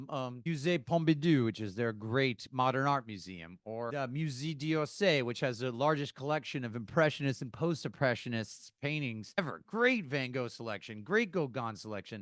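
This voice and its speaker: A man's voice: medium pitch, fairly bright tone, clear, resonant tone, no echo, clean studio sound. An American man hosting a podcast, giving chatty, emphatic advice with frequent asides. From United States. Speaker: podcast host. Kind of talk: casual podcast monologue.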